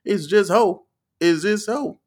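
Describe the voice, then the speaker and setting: A man's voice: sits high, takes it slowly, voice pushed up. A man voicing a flustered male preacher, pleading in a sing-song way. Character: excited male preacher defending himself.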